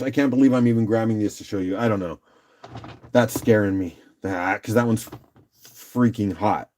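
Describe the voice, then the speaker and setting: A man's voice: medium pitch, a little mellow. A man hosting a casual live-stream rock auction, upbeat and chatty, calling out bids and laughing often.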